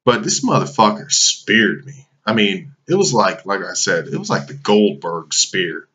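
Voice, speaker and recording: A man's voice: fairly low pitch, big pitch swings, unhurried, pushed and bright. A man telling a casual anecdote, loose and full of swearing and fillers. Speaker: storyteller.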